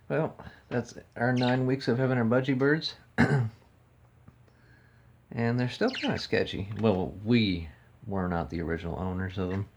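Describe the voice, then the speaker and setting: Filming a casual vlog at home on his phone camera, a pet owner rambles, corrects himself, and coos to his birds. His voice is lowish and moderately paced, and the dull lo-fi phone audio picks up slight background noise in the room.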